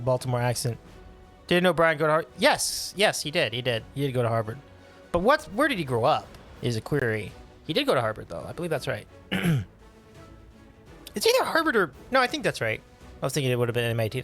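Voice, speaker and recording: A man hosting a casual livestream, reading and answering chat with upbeat, animated talk and frequent laughs. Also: fairly high pitch. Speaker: livestream host.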